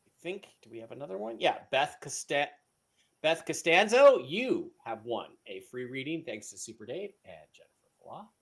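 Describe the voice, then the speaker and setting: A man's voice: on the high side, sing-song, normal speed, gravelly, fairly bright tone. A man hosting a live stream, chatting loosely, reading out giveaway winners and stumbling over names. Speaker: livestream host. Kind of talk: casual live-stream chat.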